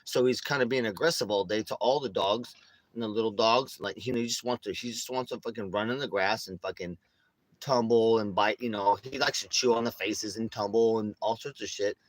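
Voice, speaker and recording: A man's voice: fairly low pitch, a little fast, no room sound. Young man, casual vlog chat, rambling, swears a lot, outdoors on the street. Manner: rambling, profane storytelling. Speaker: vlogger. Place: outdoors on a city street with his dog.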